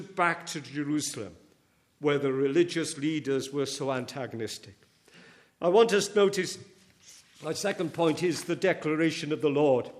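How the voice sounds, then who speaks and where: A man preaching with a notably high voice. He speaks in an earnest, emphatic way, pressing hard on key words and often breaking off to restart a sentence. The effect is that of a pastor working through a passage before his congregation. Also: darkish tone. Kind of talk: sermon.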